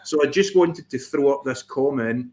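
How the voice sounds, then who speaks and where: A man's voice: mid-range voice, normal speed, a little mellow. A man co-hosting a casual live chat, talking in a hesitant way with many repeated words. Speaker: co-host.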